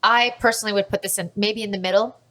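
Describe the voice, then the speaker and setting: A woman's voice: mid-range voice, steady tone, quick pace, fairly bright tone. A woman in casual conversation, chatty and enthusiastic, with frequent fillers. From Canada. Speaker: food tour operator and podcast guest. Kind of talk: casual chat.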